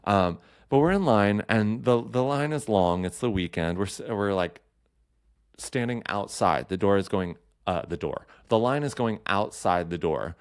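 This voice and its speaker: Podcast host, male, low, smooth voice, campy, rambling solo chat, dry close sound. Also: a little slow, dry recording. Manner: chatty, campy, lots of fillers and asides.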